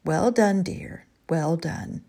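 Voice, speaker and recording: A woman voicing an elderly wife who is gentle but fierce when crossed, in a high, airy, drawn-out voice. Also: gravelly, full character voice. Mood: soft approval.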